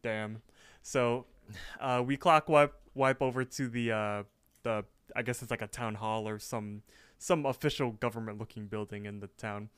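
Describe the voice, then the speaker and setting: Smooth, dry-sounding young man. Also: lowish voice, steady tone, normal speed, a bit bright, dry recording. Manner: easygoing, chuckles often. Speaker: podcast co-host. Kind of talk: casual chat recapping a cartoon episode. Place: apartment.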